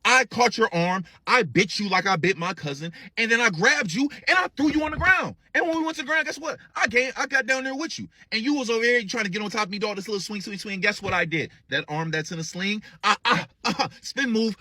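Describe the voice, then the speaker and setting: A man's voice: high-pitched, fairly quick, few pauses, pushed and bright, dry recording, pitched above the performer's own voice, heavily acted. A man voicing a defiant, cocky teenage girl with a sassy, taunting delivery.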